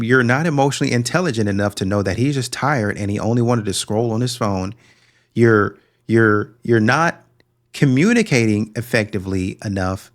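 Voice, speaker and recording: A man hosting a reaction video who scolds and mocks what he hears. His voice jumps around in pitch with animated, sweeping inflection. His tone stays sarcastic throughout. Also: a little slow. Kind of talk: commentary on a played clip.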